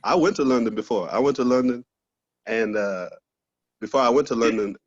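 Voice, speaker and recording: A man's voice: medium pitch, a little fast, no room sound, muffled recording. A man doing a loose, profane stand-up set over a video call, laughing at his own jokes. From Texas, USA. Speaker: stand-up comedian.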